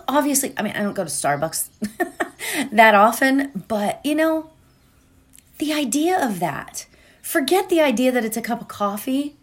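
Woman meditation host, slow and rambling, pitch moving up and down a lot, heartfelt casual talk. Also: slightly rough. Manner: rambling and heartfelt, with many fillers and restarts. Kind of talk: casual spiritual talk before a guided meditation.

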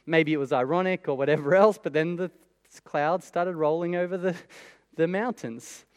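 A man's voice: a little high, fairly even intonation, normal speed, clear, resonant tone, long reverb tail. A man preaching a sermon in a conversational way, with many rhetorical questions. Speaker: pastor.

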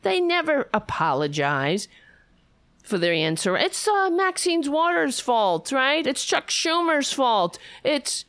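A woman's voice: sits high, big pitch swings, takes it slowly, fairly bright tone, dry recording. A woman giving an angry reaction commentary on a political clip, swearing and talking back with sarcastic asides.

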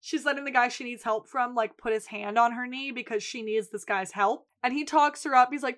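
A woman's voice: a little high, a little fast, few pauses. A woman co-hosting a podcast, casually recapping a TV episode and acting out the characters' lines with plenty of swearing. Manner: animated retelling with quoted lines and swearing. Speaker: podcast co-host.

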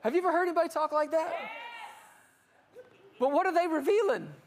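A male preacher delivering a lively sermon, asking rhetorical questions and acting out quotes. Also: extremely high pitch, fairly quick. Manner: animated, rhetorical, with acted quotes.

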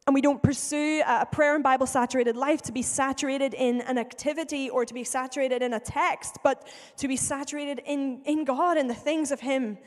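A woman's voice: sits high, fairly even intonation, moderate pace. A woman preaching a sermon in an earnest way, often repeating phrases for emphasis. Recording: long hall reverb.

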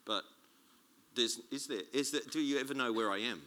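A man preaching a sermon as a guest speaker, chatty and animated, joking and restarting his sentences. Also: mid-range voice, brisk. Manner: animated, conversational, jokey preaching with many restarts.

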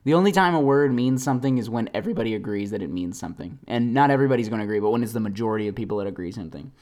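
Talking very fast, a podcast host rants by himself, rambling with frequent fillers and laughter. His volume swings between low mumbles and loud, animated bursts.

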